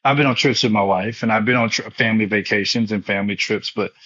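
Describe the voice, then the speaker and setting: A man's voice: on the low side, fast, fairly bright tone, lo-fi sound. A man in his thirties, a former pastor, telling his own story with emotion and repetition in an interview. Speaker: guest, foundation founder and former pastor.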